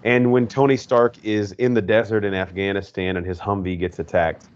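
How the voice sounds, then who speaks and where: A man's voice: on the low side, flat delivery, normal speed, muffled recording. A man hosting a podcast, chatting enthusiastically in a casual way with frequent fillers. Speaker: podcast host. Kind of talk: casual chat.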